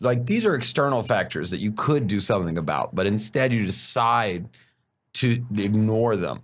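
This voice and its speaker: A man with a very low voice gives his opinions bluntly and frankly. He talks casually on a podcast as a stand-up comedian guest and swears freely. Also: lively intonation, moderate pace.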